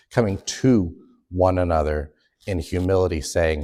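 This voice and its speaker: Deep-voiced man teaching Sunday school. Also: fairly even intonation, normal speed, dark tone. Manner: earnest, conversational, acts out quoted complaints.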